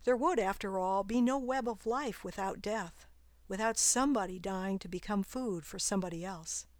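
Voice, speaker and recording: A calm, wise storybook spider, philosophical and gently teasing, as a woman reads it aloud. The voice is dry and close, with no room sound, and sits at an ordinary middle pitch. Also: normal speed, dry recording, natural voice. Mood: musing. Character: wise calm female garden spider nearing death.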